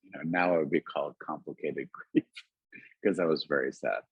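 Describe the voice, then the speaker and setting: A man with a very deep, husky voice speaks in a gentle, musing way, his thoughts wandering through many "like"s and "you know"s. He is heard over a video call, and the sound is dull, lo-fi and dry. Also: fairly even intonation, brisk, no room sound. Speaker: guest author. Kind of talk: reflective conversation. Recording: dull lo-fi webinar audio.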